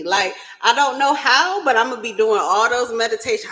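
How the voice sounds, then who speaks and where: A woman's voice: fairly high pitch, animated, moderate pace, hardly any pauses, pushed and bright, poor audio. A woman doing a casual spiritual reading who keeps breaking into laughter and talks bluntly, swearing freely. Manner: blunt and profane. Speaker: spiritual reader. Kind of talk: casual tarot reading chat.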